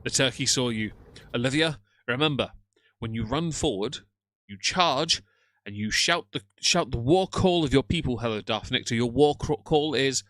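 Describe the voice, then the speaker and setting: Male live-stream host, wry, mid-pitched voice, dry close sound. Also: animated, normal speed, a bit bright, dry recording. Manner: chatty, greets viewers, wry teasing. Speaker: livestream host reacting to a video. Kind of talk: casual live-stream chat.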